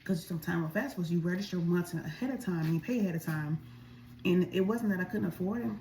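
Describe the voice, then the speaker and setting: A woman's voice: lowish voice, fast, dark tone, a little hiss or hum. A woman vlogger telling a story in a chatty, casual way while she eats, speaking straight to her viewers. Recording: echoey room.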